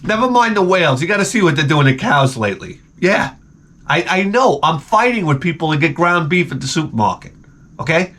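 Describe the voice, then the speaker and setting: A man's voice: on the high side, animated, fairly quick, a bit bright. A man hosting a video, rambling through a profane, comedic rant and often stumbling over his words. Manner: profane, digressive and exasperated; often repeats and restarts words. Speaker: video host.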